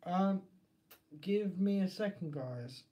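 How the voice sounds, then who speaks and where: A man's voice: high voice, lively intonation, slow, dark tone. A man with an Essex accent chatting casually and rambling on a live stream, laughing often.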